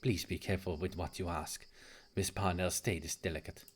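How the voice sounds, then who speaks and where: A man voicing a cautious nun, low and quiet, while reading game dialogue aloud. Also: steady tone, normal speed.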